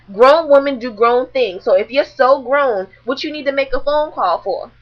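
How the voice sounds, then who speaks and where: A young woman vlogging, telling a story to camera in a blunt, animated, profane way. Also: sits high, moderate pace, highs cut off.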